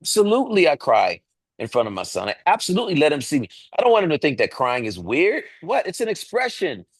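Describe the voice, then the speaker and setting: A man's voice: on the high side, huge pitch swings, fast, no echo. A man in his thirties, earnest and emphatic, talking as a podcast co-host. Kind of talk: casual podcast talk.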